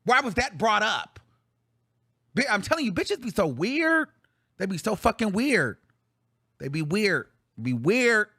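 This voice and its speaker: A man's voice: high voice, sing-song, measured pace, pauses often, sharp tone, breathy edge, dry recording, studio quality. A man hosting his own show, ranting bluntly and profanely in heated commentary. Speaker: talk show host.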